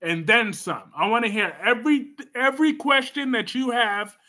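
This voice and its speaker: A man hosting a casual livestream, reading viewer comments in a sassy, emphatic way with sudden loud bursts. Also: extremely high pitch, normal speed.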